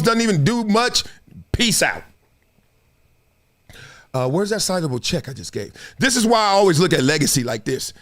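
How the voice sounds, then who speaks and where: A man hosts a casual sports talk show. He tells stories with a fairly high, lively voice that swings widely in pitch. He jumps into raised voices to act out other people's lines and laughs often. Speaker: show host. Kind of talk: casual storytelling commentary.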